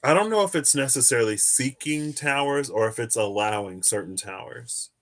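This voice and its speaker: A man's voice: mid-range voice, normal speed. A man hosting a live tarot stream, chatting casually and answering viewers' questions as he wanders through his thoughts.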